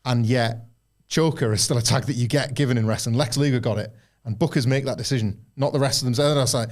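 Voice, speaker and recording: A man's voice: medium pitch, quick pace. A man co-hosting a podcast in casual chat, talking loosely with many fillers and acting out quoted lines. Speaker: podcast co-host.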